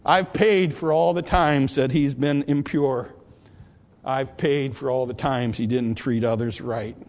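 A man preaching, voicing the Savior from a heavenly light in a slow, soft and tender way. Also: fairly low pitch, slightly rough, voice pushed down, heavily acted.

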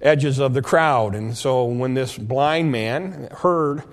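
A man's voice: medium pitch, slow pace. A male preacher giving a sermon who explains scripture verse by verse, often stumbling over and repeating his words as he goes.

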